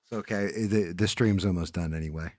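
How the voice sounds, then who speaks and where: A man's voice: low-pitched, brisk, darkish tone, no echo. A man hosting a casual live stream, rambling and swearing casually as he tells a story against himself.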